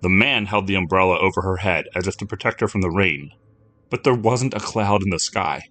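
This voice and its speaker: A man giving scripted narration of a dark story in an expressive, storytelling manner. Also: low voice, fairly quick, a little hiss or hum.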